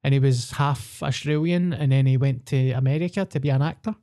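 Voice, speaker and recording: A young Scottish man co-hosting a podcast, chatting eagerly about films. His tone is dark and mellow, and he keeps slipping friendly "mate"s into his casual talk. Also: medium pitch, a little fast. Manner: enthusiastic, says "mate" constantly. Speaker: podcast co-host. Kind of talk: casual chat.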